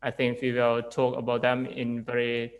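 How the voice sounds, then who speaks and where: A man's voice: medium pitch, completely flat delivery, moderate pace, phone-quality sound. A young man from Laos with a Lao accent, an English teacher talking casually and hesitantly, with many fillers and restarts. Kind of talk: casual interview chat.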